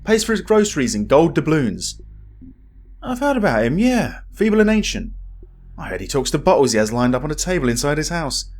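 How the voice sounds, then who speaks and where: A man voicing a tavern gossip, game character, chatty, knowing, pitched up high. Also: big pitch swings, a little fast, a little mellow. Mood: gossipy.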